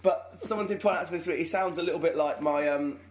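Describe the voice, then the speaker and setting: A man's voice: on the high side, fast talker. A young man co-hosting a podcast, chatting casually, rambling and self-mocking, often laughing at his own jokes. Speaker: podcast co-host. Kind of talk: casual comedic chat.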